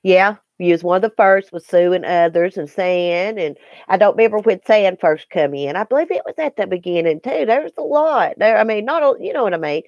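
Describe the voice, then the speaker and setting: A woman's voice: medium pitch, lively intonation, fairly quick, hardly any pauses, a little mellow, dry recording, muffled recording. A Southern woman hosting a casual livestream, chatting folksily with viewers by name and reading the chat. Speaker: YouTube livestream host.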